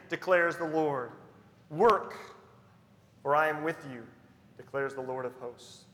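A man's voice: on the high side, moderate pace, fairly bright tone. Earnest preacher man in an echoey hall. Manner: earnest, emphatic with repeated phrases. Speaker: pastor. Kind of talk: sermon.

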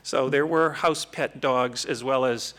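A man giving an animated, conversational Bible teaching, with frequent rhetorical questions. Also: mid-range voice, measured pace.

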